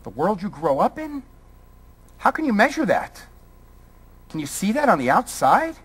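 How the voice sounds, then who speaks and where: A man's voice: high voice, breathy edge. A man from Brooklyn giving a college lecture, firing a string of rhetorical questions at the audience. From Brooklyn, New York. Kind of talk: public lecture.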